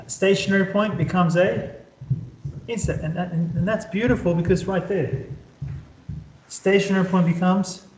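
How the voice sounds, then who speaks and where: Upbeat male tutor in echoey room. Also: high-pitched. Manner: upbeat, checks in with students often. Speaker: maths tutor. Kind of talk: whiteboard maths lesson.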